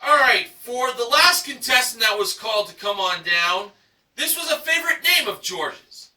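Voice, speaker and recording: A man's voice: very high voice, lively intonation, moderate pace, sharp tone, roomy sound, far from the mic, rough recording. A man recapping a game show episode in enthusiastic narration, stretching out dramatic price reveals.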